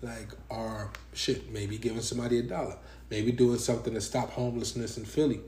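A man's voice: medium pitch, level tone, fairly quick, a little mellow. Young man in loose slangy banter. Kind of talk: casual chat. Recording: echoey room, faint background noise.

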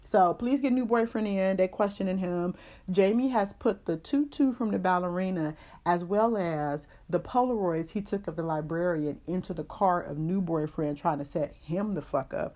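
A woman with a fairly low voice recaps a story for a comedy podcast. She tells it in loose, profane slang with plenty of fillers and asides. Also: normal speed, mellow. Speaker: podcast host.

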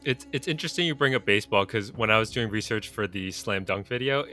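A young man with a low, bright and forceful voice, chatting casually on a podcast. He muses aloud and poses hypotheticals to his co-host. Faint music plays underneath. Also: expressive, fast. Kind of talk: casual chat.

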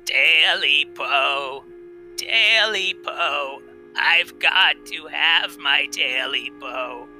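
A man voicing a red, monkey-like night creature that chants slowly and eerily, demanding its lost tail back. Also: a little high, bright, forceful tone, faint music behind, heavily acted. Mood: eerie demanding. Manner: slow, drawn-out, eerie chanting demand.

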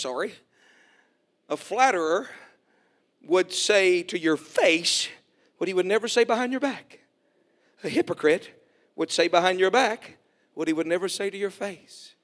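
A middle-aged man preaching a sermon. He calls for amens, jokes folksily, and swells to shouts. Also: high-pitched, lively intonation, unhurried, long pauses. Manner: folksy, joking asides.

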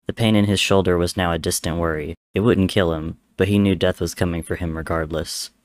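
A man reading a story aloud in a measured, dramatic way. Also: low-pitched, fairly even intonation, dry recording. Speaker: narrator.

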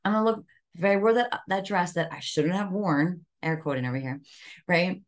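A woman with a slightly low voice speaks as a podcast guest. She sounds easygoing and conversational, tossing in "like" and "right?" as she talks. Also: moderate pace. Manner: conversational, frequent "like" and "right?" fillers. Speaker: podcast guest, wellness coach. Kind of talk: casual podcast chat.

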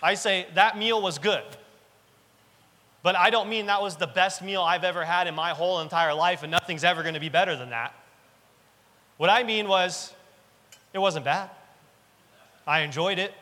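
A man delivers an earnest sermon, restating each key line for weight. His voice sits a bit high and sounds bright and forceful. It carries in a church hall with a long reverb tail. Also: moderate pace, pauses often. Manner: earnest, repeats key lines for emphasis. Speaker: preacher.

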